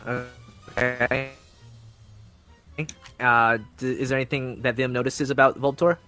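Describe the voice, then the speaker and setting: Man, tabletop player, bright, hesitant, full of fillers. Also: medium pitch, level tone, unhurried, soft background music. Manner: hesitant, filler-heavy questions. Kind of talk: casual tabletop play.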